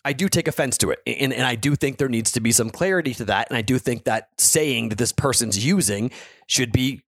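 A man's voice: mid-range voice, dry recording, studio quality. A man hosting a sports betting podcast, talking casually and frankly, frustrated and rambling with restarts. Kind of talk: casual solo podcast talk.

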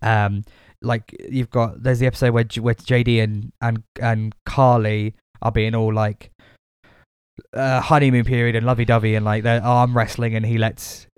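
Giggly young man with a smooth voice. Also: mid-range voice, flat delivery, moderate pace, no echo, clean studio sound. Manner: laughs a lot, rambling with restarts and swearing. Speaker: podcast co-host. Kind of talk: casual chat.

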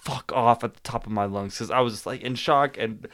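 A young man telling a story in casual podcast chat, laughing often and animated. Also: fairly low pitch, brisk. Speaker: podcast guest.

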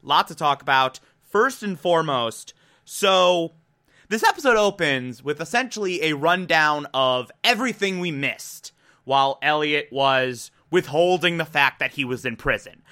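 A young man hosting a casual show, recapping an episode in an animated, emotional way with free swearing and loud rants. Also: fairly high pitch, measured pace. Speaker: podcast host recapping a TV episode.

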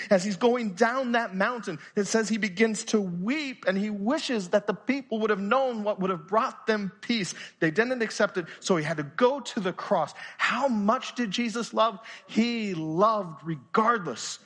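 A man preaching a sermon in a church, earnest and searching, often dropping to a quiet, intense tone. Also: sits high, normal speed, few pauses. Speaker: pastor.

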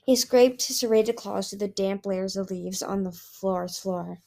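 A woman's voice: medium pitch, unhurried, vocal fry, few pauses, dark tone. Woman reading a novel aloud. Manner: hesitant, with frequent restarts. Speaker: audiobook reader.

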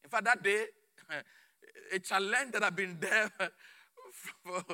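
A man preaching a sermon with fervor, repeating phrases and swinging between shouts and low murmurs. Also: slow.

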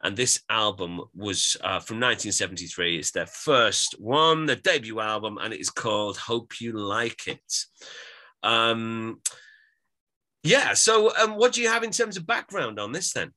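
A man's voice: fairly low pitch, animated, unhurried, bright, forceful tone. A man, co-hosting a music podcast in casual chat, explaining things with lots of restarts. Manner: chatty, explanatory, with many restarts. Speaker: podcast co-host.

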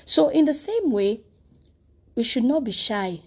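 A woman's voice: sits high, big pitch swings, measured pace, breathy edge. A woman preaching a devotional sermon, telling stories earnestly and often restarting her sentences. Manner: earnest storytelling with frequent restarts.

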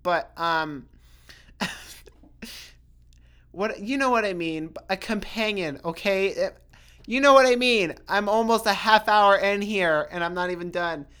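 Speaking at medium pitch with a clean, slightly bright tone, this young solo podcast host takes her time and leaves long pauses. Her talk is chatty and rambling, full of free swearing, self-interruptions, restarts, and plenty of "like."

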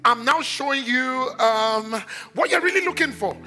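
High, bright-voiced preaching man. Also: lively intonation, moderate pace, soft background music. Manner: sing-song preaching, repeats phrases, builds to shouts. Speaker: pastor. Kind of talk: sermon.

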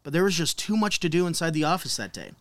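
A man leading the story on a chat podcast, reading quotes aloud and breaking up with laughter. His voice sits a little high for a man. The sound is close and dry. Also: big pitch swings, fast, dry recording. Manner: laughing, reads quotes with wry asides. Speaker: podcast co-host.

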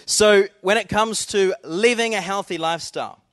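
A man's voice: high voice, moderate pace, fairly bright tone, no room sound. A middle-aged man preaching a sermon in an earnest, conversational way, talking directly to the congregation. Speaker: pastor.

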